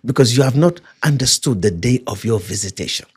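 Husky guy leading bible study, pitch jumps all over when he acts out quotes. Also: animated, fairly quick. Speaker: preacher.

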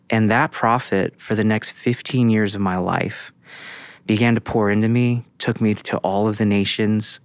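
A guest prophet with a fairly low voice tells his testimony in an interview, recounting it earnestly and quoting dialogue as he goes. The recording is dry.

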